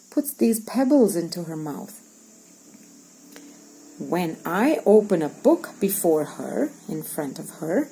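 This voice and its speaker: A woman's voice: mid-range voice, mellow, breathy edge, poor audio. A woman teacher reading a storybook aloud to young pupils and acting out its lines as she explains words.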